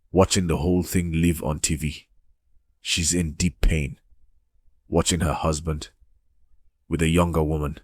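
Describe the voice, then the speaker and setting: Male recap narrator, very deep voice, dry close sound, gossipy and dramatic. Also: no echo. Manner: dramatic, gossipy, addresses listeners as "my people".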